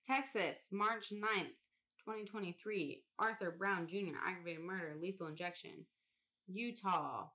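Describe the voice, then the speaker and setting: A woman's voice: medium pitch, fairly even intonation, a little slow, bright, forceful tone. A woman co-hosting a casual podcast, reading a long list aloud, swearing now and then and laughing at odd names. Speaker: podcast co-host.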